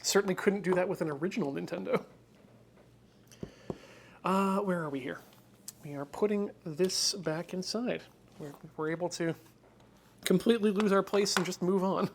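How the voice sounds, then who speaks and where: Hosting a stream while fixing some hardware, this man chats and jokes at a moderate pace, wandering off on tangents and lowering to a mutter when he has to focus. His voice is high and gravelly, with long pauses. Background noise runs underneath.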